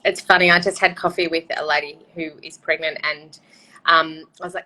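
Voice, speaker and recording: A woman's voice: low-pitched, flat delivery, fairly quick, pushed and bright, a little hiss or hum, low-quality recording. A woman hosting a casual podcast chat, with an enthusiastic manner. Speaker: podcast host.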